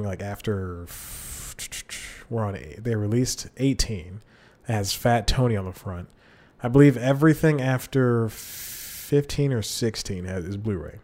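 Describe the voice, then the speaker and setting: A lower-voiced man hosts a solo podcast from a home setup, speaking into a desk microphone with headphones on. He rambles in a loose, casual way, keeps correcting himself and chuckles at his own asides. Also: a little mellow. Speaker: podcast host. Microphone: headphones and desk mic.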